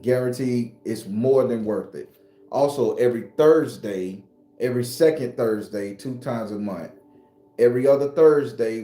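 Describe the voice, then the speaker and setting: A man's voice: mid-range voice, dark tone. A man hosting a casual live stream, talking loosely and profanely to his viewers. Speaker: spiritual live-stream host. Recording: roomy echo, faint music behind.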